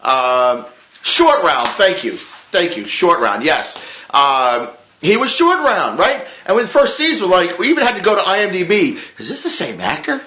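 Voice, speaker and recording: Casual male vlogger, animated, bright voice, echoey room. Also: high voice, moderate pace. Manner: animated, re-enacts his own reactions, swears freely. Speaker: TV show reviewer. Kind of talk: casual excited recap vlog.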